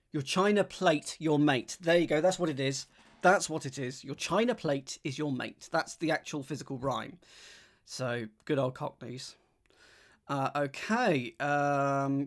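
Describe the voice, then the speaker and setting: Man thinking aloud over clues. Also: a little high. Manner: thinks aloud, reads clues slowly, chats with viewers. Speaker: streamer solving a crossword. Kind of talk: live-stream crossword solving, casual chat.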